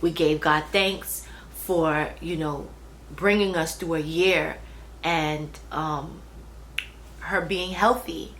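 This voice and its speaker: A woman's voice: low-pitched, fairly even intonation, takes it slowly, fairly bright tone, low-quality recording. A young adult woman talking casually about her own pregnancy, chatty, with fillers and restarts. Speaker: vlogger. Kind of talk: casual personal storytelling. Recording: faint background noise.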